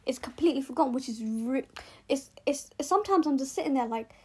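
A young woman talks alone into her podcast mic, and her voice sits high. She speaks earnestly and rambles, restarting sentences and stacking up repeated words. The home recording sounds a bit rough. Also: expressive, quick pace. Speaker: podcast host. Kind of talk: casual solo podcast monologue.

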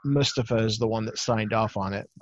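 Animated man telling stories on a call. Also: on the low side, a little fast, no echo, dull audio. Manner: animated storyteller, acts out quotes. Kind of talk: casual chat.

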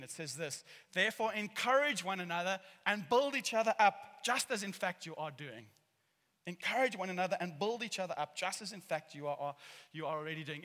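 Earnest preacher man in a reverberant hall. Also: high voice. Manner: earnest, animated storytelling with acted-out quotes. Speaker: pastor. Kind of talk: sermon. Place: church hall.

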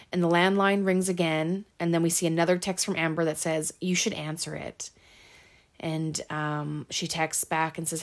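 A woman casually retelling a film plot, full of ums and likes and quick voices for the characters. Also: low-pitched. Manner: chatty, lots of ums and likes; acts out lines in quick voices. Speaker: movie recap host. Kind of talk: casual movie recap.

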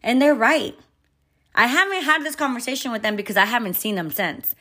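Heated, profane mom venting. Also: female voice, on the high side, lively intonation, fairly quick, fairly bright tone. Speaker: mother. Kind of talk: candid storytime vlog.

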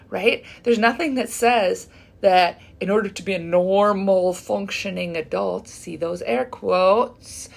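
A woman in her fifties, a fitness coach, giving casual advice straight to her listeners in a chatty way, often checking in with "right?". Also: mid-range voice. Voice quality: gravelly and husky. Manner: chatty, keeps asking "right?". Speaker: fitness coach and menopause community host. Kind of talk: casual advice talk to camera.

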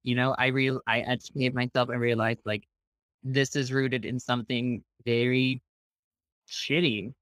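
A reflective man takes his time over his words as a podcast guest, slowing down to choose each one. His mid-pitched voice is recorded dry and close. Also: little pitch movement, fairly bright tone, dry recording. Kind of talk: conversational interview.

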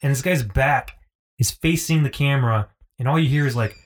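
A man's voice: medium pitch, normal speed. Rambling, swearing male co-host. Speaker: podcast co-host. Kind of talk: casual podcast chat.

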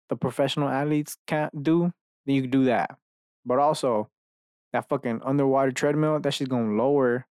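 A podcast host with a medium-pitched, clean-toned, slightly mellow voice rambles through a solo rant in his bedroom. He jumps between ideas, swearing plenty and adding self-mocking remarks. The audio is clean studio sound without echo.

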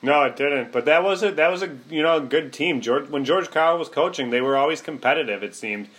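A man hosting a casual sports podcast, relaxed and enthusiastic, asking his co-host questions and peppering talk with fillers. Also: a little high, brisk. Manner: relaxed, enthusiastic, lots of you-knows, asks questions.

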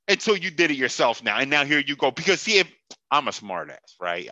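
A man's voice: mid-range voice, big pitch swings, a little fast, bright, forceful tone, dry recording. A man hosting a sports podcast, ranting with profanity and sarcasm and laughing at his own jokes. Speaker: podcast host. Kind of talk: heated sports podcast rant.

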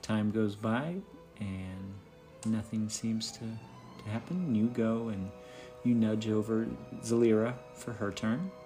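A man running a tabletop game as game master, narrating in a relaxed, halting way with many fillers and restarts. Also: fairly low pitch, soft background music.

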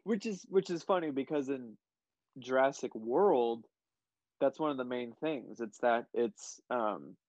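A man's voice: mid-range voice, expressive, unhurried, darkish tone, no echo. A tipsy man rambling about a movie in casual chat, backtracking and correcting himself. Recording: dry dull lo-fi mic.

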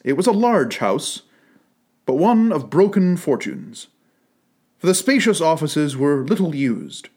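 A man reading a classic story aloud, with an expressive, unhurried delivery. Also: fairly high pitch, breathy edge. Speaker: narrator.

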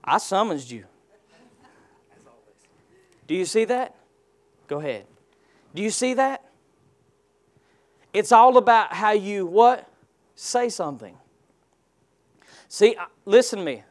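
A man's voice: high-pitched, expressive, takes it slowly, pauses often. A man preaching a sermon in a church, using call-and-response and rhetorical questions. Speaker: pastor.

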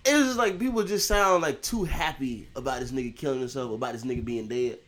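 A man's voice: medium pitch, fast, a bit bright. A man talking in a loose, profane, casual chat, laughing often.

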